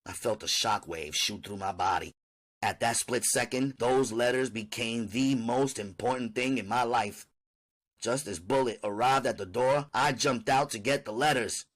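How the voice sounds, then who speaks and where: A man's voice: mid-range voice, moderate pace, fairly bright tone. A man reading an audiobook aloud in first-person narration.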